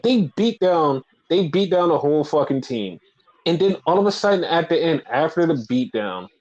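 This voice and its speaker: A man co-hosting a casual podcast, animated and profane, acting out quoted voices as he retells stories. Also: on the high side. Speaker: podcast co-host. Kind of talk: casual wrestling podcast chat. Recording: muffled lo-fi audio.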